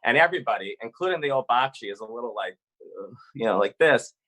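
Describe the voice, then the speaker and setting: Man, storyteller, bright forceful tone, animated, chatty, video call. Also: mid-range voice, quick pace, low-quality recording. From Massachusetts. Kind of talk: live personal storytelling.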